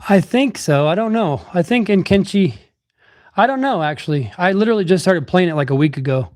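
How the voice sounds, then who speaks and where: A livestreaming man works out between comments, answering his viewers' chat in easygoing, laid-back banter. His voice is high-pitched and animated, brisk in pace, with a darkish tone.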